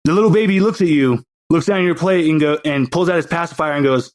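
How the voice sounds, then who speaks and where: A man running a tabletop game as game master, animated and laughing often. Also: on the high side, fast, hardly any pauses.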